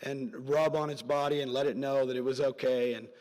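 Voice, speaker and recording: A middle-aged man giving a parent's graduation speech as a story, earnest and rambling, his voice dropping soft at emotional moments. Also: mid-range voice, steady tone, fairly quick. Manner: earnest, rambling with side stories, voice drops soft at emotional points. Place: large hall at a graduation ceremony. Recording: long hall reverb from a large venue.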